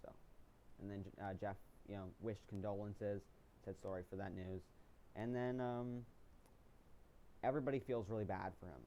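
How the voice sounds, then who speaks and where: A young man casually retelling a story in vlog commentary, chatty and excited, with frequent ums and restarts. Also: on the low side, normal speed, pauses often, slight background noise. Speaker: vlogger recapping a reality show.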